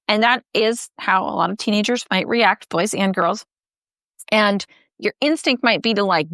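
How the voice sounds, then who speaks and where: A woman's voice: mid-range voice, lively intonation, moderate pace, fairly bright tone, no echo, studio quality. A woman author on a live chat, explaining parenting advice and acting out what a parent might say. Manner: explains with acted-out parent quotes. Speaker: book author guest.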